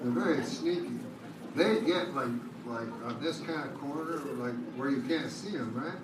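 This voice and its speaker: A man doing stand-up comedy in a casino theater, deadpan and rambling, with plenty of swearing. His voice sits a little high and is caught from far away in an echoey room. A loud audience and heavy background noise fill the recording. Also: moderate pace. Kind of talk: stand-up routine.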